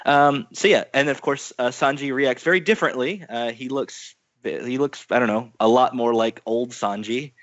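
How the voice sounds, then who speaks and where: A man recapping a comic chapter in relaxed, casual chat with small asides. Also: medium pitch, moderate pace, few pauses, dull audio. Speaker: podcast guest.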